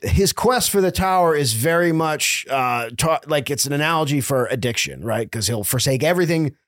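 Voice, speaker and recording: A man's voice: a little high, expressive, moderate pace, a bit bright, no echo, clean studio sound. A man chatting on a casual podcast as a guest, talking loosely with plenty of hedges and fillers.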